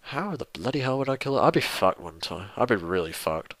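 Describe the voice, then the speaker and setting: A man's voice: medium pitch, very animated, brisk, a bit bright, dry recording. A young English man rambling through a casual viewer Q&A, self-deprecating and swearing mildly. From England. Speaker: YouTuber answering viewer questions. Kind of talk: casual Q&A monologue.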